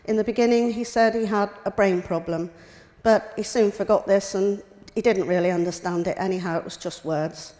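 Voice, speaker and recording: A woman's voice: medium pitch, steady tone, moderate pace, hardly any pauses, mellow. A middle-aged woman giving a prepared personal talk as a carer, in a plain, matter-of-fact way. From United Kingdom. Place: hospital lecture room. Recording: reverberant hall.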